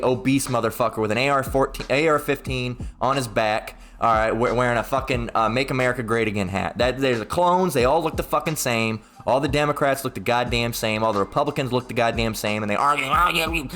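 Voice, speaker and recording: A man's voice: mid-range voice, fairly bright tone. A man delivering an angry, profane political rant, full of stumbling restarts as he reacts to an article.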